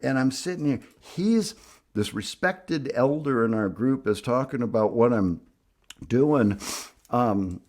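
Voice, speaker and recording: A man telling a personal story in an animated, emphatic way, acting out what people said. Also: medium pitch, slow pace. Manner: animated, emphatic, acts out quoted speech. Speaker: speaker on youth addiction treatment.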